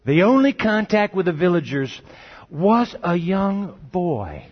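A man preaching a sermon, telling a story dramatically and dropping his voice low and slow for emphasis. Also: big pitch swings, breathy edge. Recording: dull lo-fi recording.

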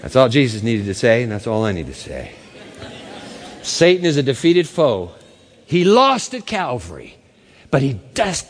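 A man's voice: mid-range voice, breathy edge. A man preaching a sermon as pastor, impassioned and emphatic, with dramatic swings. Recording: echoey church hall.

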